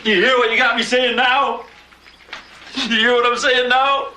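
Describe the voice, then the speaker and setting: An anguished older husband. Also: male voice, extremely high pitch, level tone, a little slow, bright, forceful tone, a little hiss or hum, full character voice. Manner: pleading, anguished. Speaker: husband of a dying woman. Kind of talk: 1980s TV movie acting.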